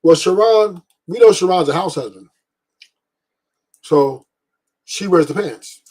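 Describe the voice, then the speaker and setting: A man's voice: high voice, lively intonation, slow, a little mellow, slightly rough. A man hosting a livestream, ranting bluntly with profanity and repeated emphasis. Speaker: podcast host. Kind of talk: livestream commentary rant.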